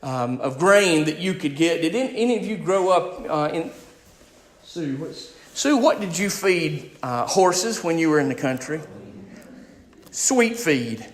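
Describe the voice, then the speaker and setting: A male pastor preaching a sermon. He is emphatic, swings between loud and quiet, and speaks directly to his congregation. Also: fairly high pitch, animated, moderate pace, echoey room.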